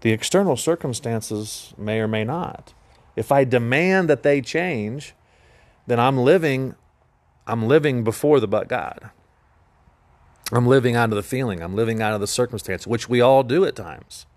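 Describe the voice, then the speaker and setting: Man, podcast host, earnest emphatic teaching, middle pitch, dry close sound. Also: normal speed, no echo. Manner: earnest, emphatic preaching delivery.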